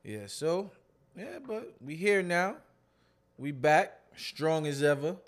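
A podcast co-host chats casually in a laid-back, joking way, often trailing off mid-thought. His voice is on the high side and animated, though his pace is slow.

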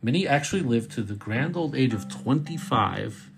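A man's voice: medium pitch, expressive, moderate pace, gravelly. A middle-aged man from Brooklyn, a podcast host, telling a personal story in a casual, wry way and sometimes swearing. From Brooklyn, New York. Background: guitar music.

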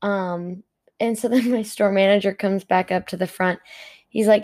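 A young retail worker tells a casual storytime about a shift at her job, chatty and giggly, filling her speech with "like" and stifling giggles. Her medium-pitched voice is a little mellow, with fairly even intonation and a moderate pace.

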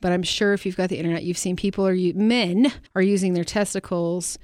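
A woman's voice: lowish voice, steady tone, fairly quick, darkish tone, no room sound, clean studio sound. A woman co-hosting a radio show, chatting casually in a wry, joking way. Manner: wry, chatty, laughs while reading. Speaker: radio co-host. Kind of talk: casual chat.

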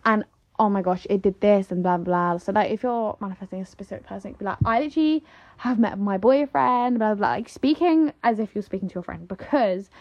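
A woman's voice: mid-range voice, fast, darkish tone. A young woman, chatting casually in a vlog and saying "like" and "literally" all the time. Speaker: vlogger. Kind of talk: casual chat. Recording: slightly dull lo-fi audio.

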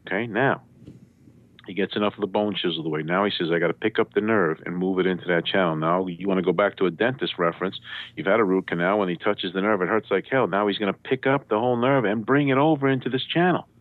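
A man tells his story quickly and with energy, and he acts out the other people's voices as he goes. His voice sits a bit low and comes through a dry, tinny phone line. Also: no room sound. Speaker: radio show guest. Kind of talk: animated storytelling.

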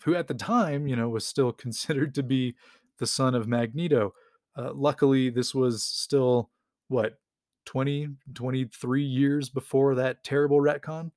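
A man's voice: mid-range voice, darkish tone, dry recording, studio quality. A man casually retelling a story in a rambling, enthusiastic way, with lots of fillers. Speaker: comics recap host.

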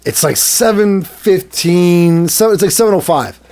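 A man telling a story in casual chat, animated and laughing often as he acts out what people said. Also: high-pitched, unhurried. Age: adult, has a son. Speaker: podcast co-host telling a story.

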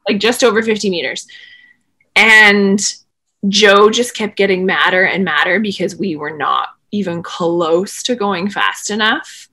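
A woman's voice: medium pitch, unhurried, husky. Chatty woman telling a story. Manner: animated, rambling, frequent "like" fillers. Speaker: interview guest, former swimmer. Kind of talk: casual storytelling in conversation.

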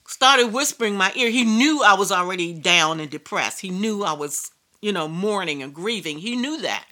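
A woman's voice: medium pitch, sharp tone. A woman preacher telling a personal story in a sermon, emphatic and repetitive. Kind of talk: sermon testimony.

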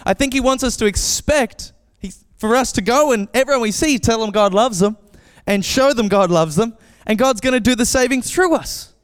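A man preaching a casual, animated sermon as pastor, acting out voices when he tells a story. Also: extremely high pitch, moderate pace, hardly any pauses, clear, resonant tone, long reverb tail. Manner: animated, acts out voices in anecdotes. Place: church.

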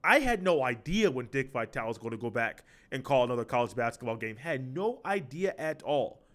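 A man's voice: mid-range voice, sing-song, brisk, a bit bright. A man hosting a solo sports podcast with a head cold, talking in a loose conversational way and repeating his phrases. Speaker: podcast host.

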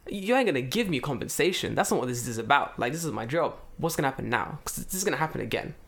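A man's voice: medium pitch, fast, gravelly. A man telling a story in casual, profane chat, acting out the other people as he retells it. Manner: animated, profane, acts out voices in retelling. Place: lives in Japan.

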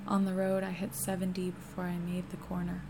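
A woman reading a first-person novel aloud in a hushed, steady narration that often drops to a whisper. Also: fairly low pitch, a little fast, background noise. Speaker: audiobook reader.

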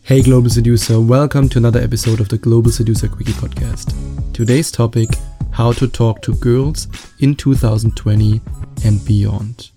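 A man's voice: medium pitch, gravelly, mellow, no room sound, studio quality. A man hosting a solo dating-advice podcast, coaching listeners in an emphatic, repetitive way.

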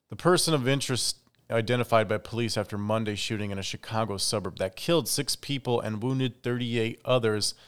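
A man's voice: fairly low pitch, clean tone. Chatty opinionated man hosting a podcast. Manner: chatty, opinionated, animated asides. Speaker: podcast host. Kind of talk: casual solo podcast monologue.

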